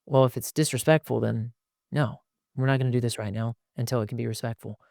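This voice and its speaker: A man hosting a casual advice podcast, animated and slipping into quoted voices as he talks. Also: mid-range voice, fast, gravelly, no room sound, clean studio sound. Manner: animated, acts out quoted lines in shifting voices. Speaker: podcast host.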